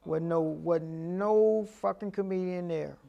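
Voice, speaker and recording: A comedian in his fifties telling stories in a casual interview, lively and profane. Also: sits high, slow pace, gravelly, dull audio. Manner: animated, profane storyteller. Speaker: comedian guest.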